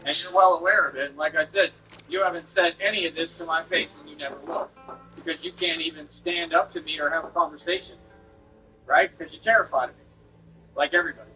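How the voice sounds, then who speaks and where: A man with a high, bright, forceful voice lectures and boasts in a confrontational stream rant. He talks down to his critic without pause, over faint game music. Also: rough recording.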